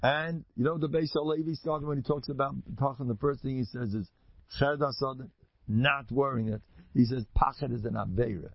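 Husky man giving a rambling Torah talk. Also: moderate pace, no echo, lo-fi sound. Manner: animated, rambling, jumps high when stressing points. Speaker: Torah teacher.

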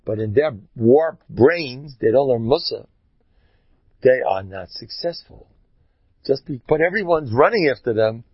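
Male preacher, rambling storyteller, husky low voice with wide swings; lo-fi dry sound. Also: lively intonation, measured pace, dry recording. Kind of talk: sermon with storytelling. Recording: dull lo-fi dry recording.

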